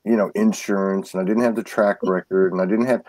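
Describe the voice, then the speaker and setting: A man with a lowish voice, recorded close and dry, talks as a guest in a casual spiritual conversation. He stumbles through restarts and repeated words while telling his stories earnestly. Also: steady tone, a little fast, darkish tone, no echo. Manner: earnest storytelling.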